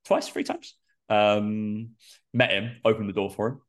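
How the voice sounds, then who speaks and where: A man's voice: lowish voice, steady tone, a little slow. A man with a nasal, congested voice, a personal trainer chatting casually on a podcast in a rambling way full of fillers.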